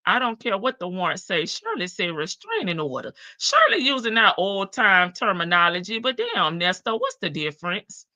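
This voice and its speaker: A woman's voice: mid-range voice, very animated, normal speed, hardly any pauses, pushed and bright, no room sound. A woman hosting a live stream, giving sassy casual commentary on jail calls and answering chat. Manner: sassy, talks back to chat, laughs often.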